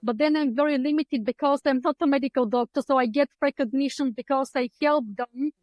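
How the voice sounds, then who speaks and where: High-voiced woman with Eastern European accent. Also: steady tone, fairly quick, a little mellow, no echo, muffled recording. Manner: chatty, acts out her own past thoughts, many fillers. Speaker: guest, clinical psychologist. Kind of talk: conversational interview storytelling. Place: home room lined with books. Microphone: video call.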